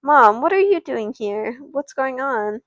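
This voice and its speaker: A woman's voice: sits high, animated, measured pace, a bit bright, slight background noise. A woman voicing an upset young girl who pleads with her mother and questions her big sister, in a doll-play story. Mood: pleading.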